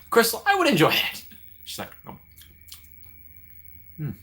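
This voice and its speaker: A man's voice: high voice, wildly swooping pitch, normal speed, sharp tone. A man hosting a casual live stream, chatting with viewers by name and laughing often.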